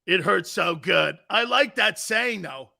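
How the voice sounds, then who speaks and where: A sports talk show host launches into a brash rant, mocking and combative, laughing at his own jokes. His high voice has lively intonation, and he speaks slowly with a creaky, sharp tone.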